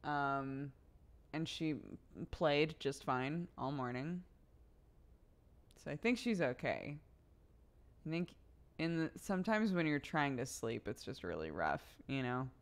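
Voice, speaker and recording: A young adult woman livestreamer tells a story in casual chat to her live audience, swearing freely. Her low voice is animated but slow, with long pauses.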